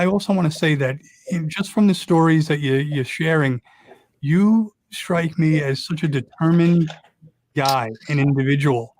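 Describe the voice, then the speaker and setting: A man hosting an interview who talks in a halting way and repeats words as he starts a thought. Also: a little high, a little mellow. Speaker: podcast host. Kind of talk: interview talk.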